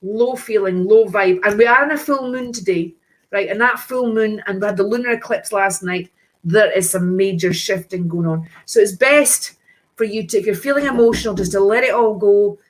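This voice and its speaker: A woman reads tarot cards for viewers on a live stream. She talks in a casual, breezy way, full of endearments and exclamations. Her voice sits at an ordinary middle pitch. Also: normal speed. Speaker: psychic tarot reader hosting a live stream.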